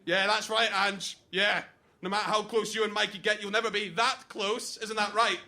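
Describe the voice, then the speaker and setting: A man's voice: high voice, flat delivery, moderate pace, bright, forceful tone, exaggerated voice. A man playing a jealous, crude best man giving a mocking comic wedding toast. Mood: taunting. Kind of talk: comic stage monologue.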